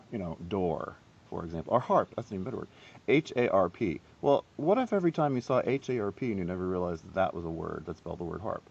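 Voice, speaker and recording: A man's voice: fairly low pitch, a little mellow, dull audio. A man giving a casual, rambling harp lesson, chatty and self-deprecating. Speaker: harp teacher. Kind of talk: casual instructional video.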